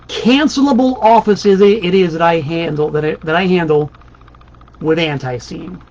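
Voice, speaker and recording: High-voiced man, playful mock-grand host. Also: normal speed, darkish tone, slight background noise. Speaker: guest host of a band's live stream. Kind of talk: casual comic monologue. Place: home desk. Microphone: webcam on his desk. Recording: dull lo-fi webcam stream.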